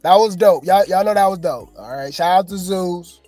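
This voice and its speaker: Gossip commentary host, slangy, chatty, mid-pitched voice, dry close sound. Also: normal speed, mellow, no room sound, soft background music. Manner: slangy, chatty, joking asides to viewers. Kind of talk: casual reaction commentary.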